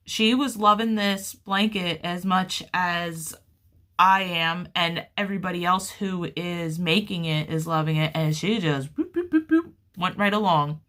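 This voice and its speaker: A woman talks through a crochet-along in a relaxed, unhurried way, often gushing over the yarn and colors. Her voice is bright and lively in tone, and she keeps the chat casual and warm-hearted. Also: lowish voice. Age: adult with children. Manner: chatty, gushing and upbeat. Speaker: crochet vlogger.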